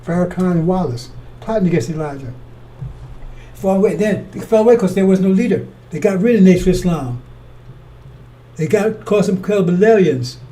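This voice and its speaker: Preacher, male, high voice and mellow tone, accusatory and repetitive, recorded from a distance. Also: expressive, moderate pace, long pauses. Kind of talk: fiery scripture commentary.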